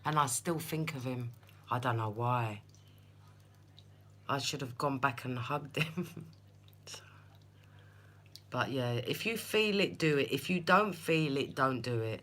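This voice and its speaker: A woman's voice: a bass voice, expressive, slow, pauses often, a bit bright. A woman reading tarot on a live stream, telling stories in a chatty way and talking to viewers by name. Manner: chatty, laughing storyteller who speaks to viewers by name. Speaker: tarot reader.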